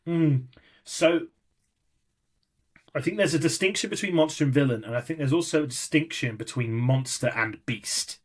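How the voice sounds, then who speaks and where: Man, podcast co-host, husky voice, relaxed thinking aloud. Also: on the high side, normal speed. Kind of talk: casual chat.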